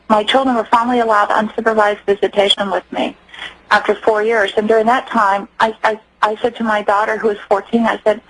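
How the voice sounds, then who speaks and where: A middle-aged woman speaks with a fairly high voice as a guest on a radio broadcast. She tells her story earnestly and stops to restart her sentences. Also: low-quality recording. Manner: earnest, acts out quoted voices, halting restarts. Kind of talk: radio interview, personal account.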